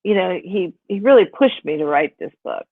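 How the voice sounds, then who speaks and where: An animated woman in her sixties, an author from Pennsylvania, chats her way through rambling life stories at a moderate pace, full of "like" and "you know." Her voice sits on the low side, with no echo, over tinny call-style audio.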